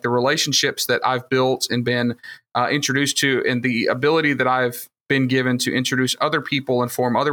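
A man's voice: mid-range voice, bright, forceful tone. A man with a Southern Alabama accent, telling rambling, enthusiastic stories with plenty of fillers on a casual podcast. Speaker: podcast guest, future host.

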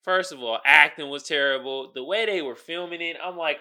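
A man hosting a casual solo podcast in African American Vernacular English, slangy and profane, swinging between muttered asides and loud outbursts. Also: on the high side, brisk. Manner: slangy and profane, keeps asking "you feel me?". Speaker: podcast host.

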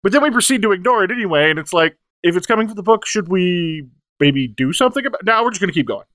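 A man with a slightly raised speaking pitch talks through a tabletop game recap as a podcast co-host. He rambles into chatty asides and keeps quoting what the other players said. The recording is close and dry. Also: lively intonation, fast, a bit bright, dry recording.

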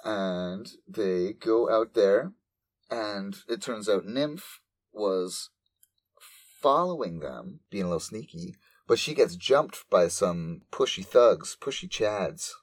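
A man's voice: on the low side, expressive, slow pace, no echo. A man hosting a podcast, casually recapping a show with lots of fillers. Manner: casual, filler-heavy storytelling. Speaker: podcast host.

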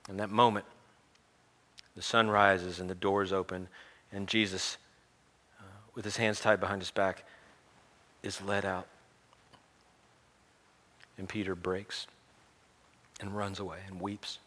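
A man preaching, retelling a story in an animated, conversational and humorous way. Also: low voice, measured pace, pauses often. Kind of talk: storytelling sermon.

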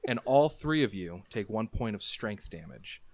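Brief: male tabletop game master, lowish voice, brisk explanatory narration, dry close mic. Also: lively intonation, darkish tone, dry recording.

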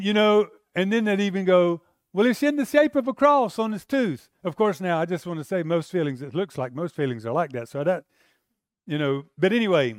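A man's voice: high-pitched, no echo, clean studio sound. A male pastor preaching conversationally, telling stories from his own life, acting out what he used to say, and checking in with his listeners. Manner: animated storyteller acting out his own past arguments. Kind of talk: sermon with personal stories.

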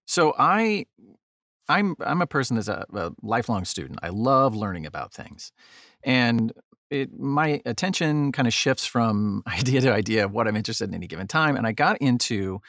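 Animated gravelly-voiced man telling stories. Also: mid-range voice, normal speed, no echo, studio quality. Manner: animated, acts out quotes. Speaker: guest, photographer. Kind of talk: casual interview talk, storytelling.

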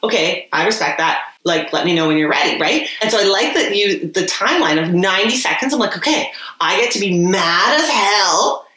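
A woman's voice: medium pitch, expressive, brisk, few pauses, sharp tone, reverberant, low-quality recording. A woman co-hosting a podcast, chatting casually and animatedly, laughing often. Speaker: podcast co-host. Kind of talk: casual chat.

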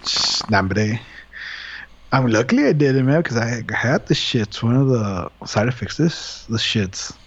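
A young man casually telling a story in profane, animated language, acting out what he said back then. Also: mid-range voice, normal speed. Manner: profane, animated retelling with quoted asides. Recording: dull lo-fi audio.

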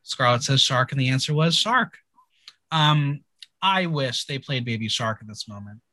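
A man's voice: medium pitch, moderate pace, no echo. A man hosting a podcast, casually recapping a TV show with jokes and laughter. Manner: animated, laughing, joking. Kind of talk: casual chat.

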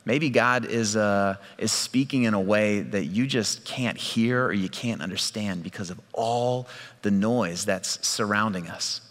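A man's voice: on the low side, a little slow, fairly bright tone, long reverb tail. A man preaching a sermon as pastor, in a conversational, storytelling way with frequent restarts.

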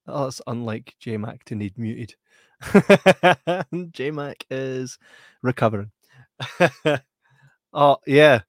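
A man's voice: mid-range voice, extremely slow, long pauses, no room sound, clean studio sound. A man co-hosting a live stream, chatting casually, laughing often and reading out comments. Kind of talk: casual chat.

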